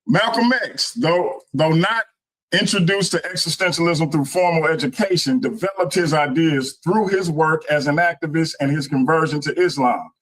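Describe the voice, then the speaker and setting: A man's voice: fairly high pitch, normal speed, fairly bright tone, poor audio. Laid-back man debating online. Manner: laid-back, addresses audience as y'all. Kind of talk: casual debate speech. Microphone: video call.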